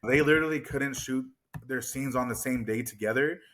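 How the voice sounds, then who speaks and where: A man co-hosting a casual movie discussion, talking in an excited, rambling way and swearing freely. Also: mid-range voice, normal speed. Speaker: podcast co-host.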